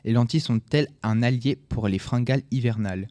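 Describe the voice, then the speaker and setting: A man's voice: medium pitch, fast, warm tone, no room sound, studio quality. A teenage boy with a French accent, hosting a true-or-false quiz on a school radio show and reading out questions and answers. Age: teens. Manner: reads questions and answers, corrects slips. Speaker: student radio host. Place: school library studio.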